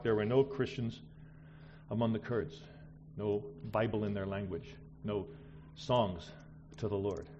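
A middle-aged man preaching a missionary sermon, swinging between loud exclamations and quiet asides. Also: lowish voice, dull audio, a little hiss or hum.

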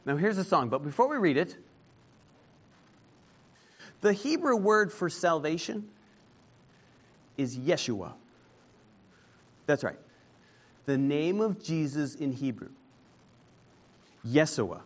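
A man preaching a sermon, slow and emphatic, rising into fervent declarations as he builds each point. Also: on the high side, big pitch swings.

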